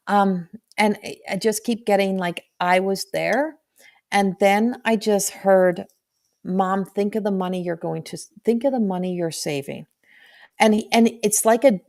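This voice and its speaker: Halting woman giving a medium reading. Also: mid-range voice, darkish tone. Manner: halting, searching, full of restarts and "like". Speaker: intuitive medium. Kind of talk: live channeled reading.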